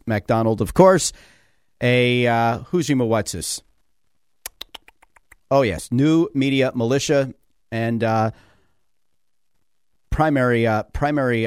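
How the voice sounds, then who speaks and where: A man's voice: mid-range voice, a little mellow, no echo, studio quality. A man hosting a talk radio show, rambling casually with lots of fillers and chuckles. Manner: chatty, digressive, many fillers and chuckles. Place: radio studio.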